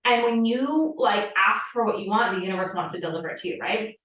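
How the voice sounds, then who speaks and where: A podcast host and manifestation coach leads a live spiritual coaching talk in a medium-pitched, brisk, fairly bright voice. She's casual and profane, filling her speech with fillers, especially "like." The room is echoey and she sits distant from the mic.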